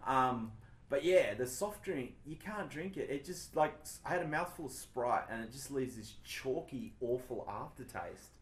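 An Australian man chatting casually, rambling through his stories and poking fun at himself. His voice sits at an ordinary pitch and rings a little in an echoey room. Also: lively intonation, normal speed. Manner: rambling, self-deprecating storytelling. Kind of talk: casual chat.

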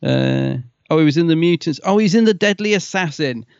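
A man with a gravelly, creaky edge chats excitedly on a podcast, laughing often. The sound is dry and slightly dull, like a home mic. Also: a little high, fairly quick, no room sound. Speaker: podcast co-host. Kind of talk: casual chat.

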